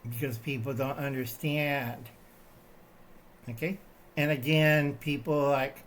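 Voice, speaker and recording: A man's voice: mid-range voice, level tone, takes it slowly, long pauses. An older man hosting his own channel, ranting in a digressive, satirical way, often tagging his lines with "okay?" while showing things to the camera. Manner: shows items to the camera while talking. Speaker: channel host. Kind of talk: rambling satirical rant.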